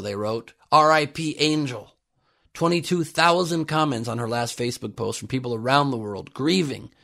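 A man hosting his own comedy podcast, talking at an average pitch. He riffs sarcastically on the week's news and pitches his extras in a loose, joking way. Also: fairly bright tone. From United States. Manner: sarcastic, jokey riffing on the news. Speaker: podcast host.

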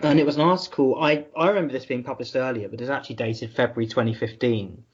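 A husky-voiced man speaks as a podcast guest and recounts past events in a reflective, measured way. His voice sits at a mid pitch. The sound is dull and lo-fi. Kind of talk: conversational recollection.

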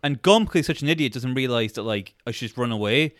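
A man co-hosting a podcast, talking casually in a rambling, sarcastic way with sudden quick bursts. His voice is smooth and resonant, and the recording is dry and close. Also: mid-range voice, animated, no echo. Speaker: podcast co-host. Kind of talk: casual chat recapping a film.

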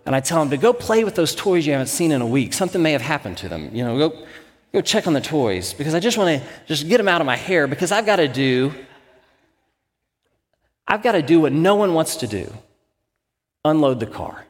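A man's voice: a little high, sing-song, fairly quick, long reverb tail. A man in his thirties, a pastor, preaching a sermon as a candid, self-deprecating personal story.

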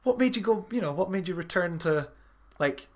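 A young man co-hosting a podcast, chatting casually, animated, swearing freely and laughing often. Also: sits high, moderate pace. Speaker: podcast co-host. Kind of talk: casual chat.

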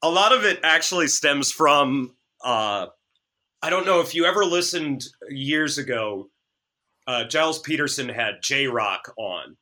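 A man who works as a DJ, chatting as a podcast guest, animated and sarcastic, often stammering as he restarts sentences. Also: a little high, unhurried. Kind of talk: casual chat.

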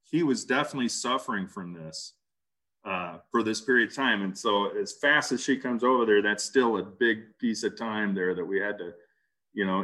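A man casually recounting an ordeal in an interview, halting and animated. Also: fairly low pitch. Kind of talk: casual storytelling.

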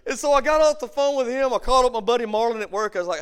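A man, a pastor teaching a Bible study, who swings from shouted emphasis to quiet storytelling. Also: very high-pitched, normal speed, long pauses, clean tone. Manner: preacher who shouts for emphasis, then tells stories softly.

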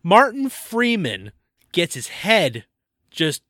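A man's voice: high-pitched, huge pitch swings, takes it slowly, bright, forceful tone, dry recording, clean studio sound. A man co-hosting a casual movie-review podcast, joking and recapping the plot with stumbles and laughs. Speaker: podcast co-host.

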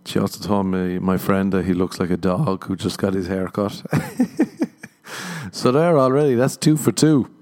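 Low-voiced Irish man, sardonic. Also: measured pace, a little mellow. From Ireland. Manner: sardonic, self-mocking, laughs often. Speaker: podcast host. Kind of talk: comedic monologue.

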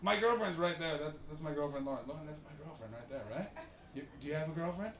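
A comedian telling jokey stories to a live audience and acting out the people in them. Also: male voice, on the high side, fast talker, roomy sound, noisy background. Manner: animated, jokey, acts out the people in his stories. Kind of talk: live podcast storytelling with an audience.

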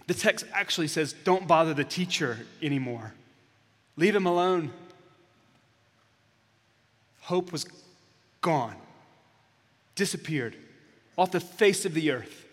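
Pastor, male, higher voice, unhurried sermon delivery, storyteller who acts out parts, big hush-to-loud swings, long hall reverb. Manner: dramatic storytelling, acting out characters' lines, swings from hushed to loud. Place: church hall.

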